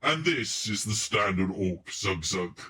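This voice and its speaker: A man talking through an in-game voice changer filter, slowly showing off each effect. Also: fairly low pitch, expressive, pushed and bright, echoey room, far from the mic, pitched below the performer's own voice, heavily acted. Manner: slow demonstrating chatter.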